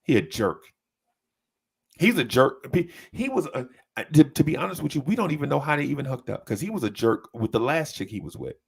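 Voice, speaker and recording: Gravelly animated man. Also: brisk. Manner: animated, jumps into high mimicking voices for quotes. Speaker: podcast co-host. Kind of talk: casual storytelling chat.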